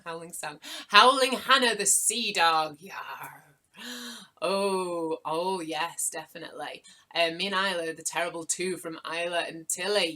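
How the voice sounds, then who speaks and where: Woman workshop host for young kids, bright voice, lowish pitch, chatty and encouraging. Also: rough recording. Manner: chatty and encouraging, reading out viewers' names. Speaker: children's author running a live workshop. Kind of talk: live online children's workshop.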